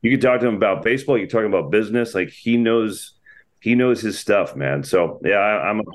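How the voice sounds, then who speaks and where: A man's voice: on the low side, lively intonation, brisk. A man who works as a sports broadcaster, chatting casually on a podcast in a loose, rambling way, full of restarts and slang.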